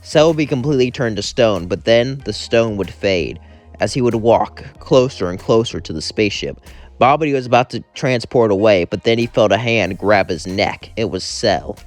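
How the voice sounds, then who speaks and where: A man's voice: fairly low pitch, normal speed. A man narrating a fan-fiction story in a casual, conversational way. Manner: conversational, plain. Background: faint music.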